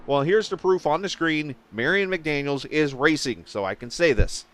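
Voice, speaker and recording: A man's voice: a little high, normal speed, fairly bright tone. Chatty male sim racing announcer. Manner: chatty, filler-heavy, joking. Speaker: play-by-play commentator.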